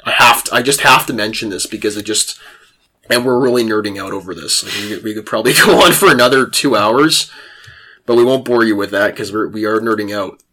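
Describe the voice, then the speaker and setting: A male podcast host telling a war story in casual chat, animated and laughing, with frequent restarts. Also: lowish voice, a little fast.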